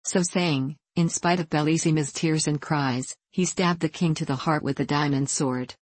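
A narrator reading fairy tales aloud, measured and expressive. The voice sits at a middling pitch. The recording is dry and close, with no room sound. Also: breathy edge, no echo. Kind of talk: storybook reading.

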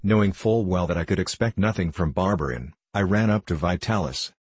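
A man narrates a novel in a calm, even manner. His voice sits very low and has a husky edge. The recording is dry and close. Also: brisk, hardly any pauses, no echo. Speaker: audiobook narrator. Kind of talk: scripted narration.

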